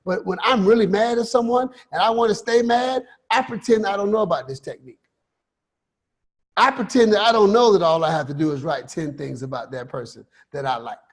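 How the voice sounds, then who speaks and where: A man giving a motivational talk as a coach, emphatic, with repeated rhetorical questions and slow stressed phrases. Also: high-pitched. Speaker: finance and life coach host.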